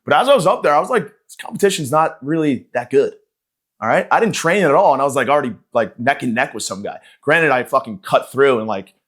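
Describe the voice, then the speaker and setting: A man's voice: medium pitch, animated, fairly quick, a bit bright. A man hosting a comedy podcast, delivering a rambling, sarcastic, profane rant. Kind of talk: ranting comedic monologue.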